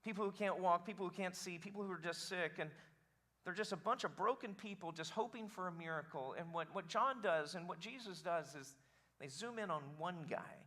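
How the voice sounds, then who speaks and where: High bright-voiced pastor, jokey lively preaching, eggs on the congregation. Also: male voice, brisk. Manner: animated, joking, calls for congregation response. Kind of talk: sermon.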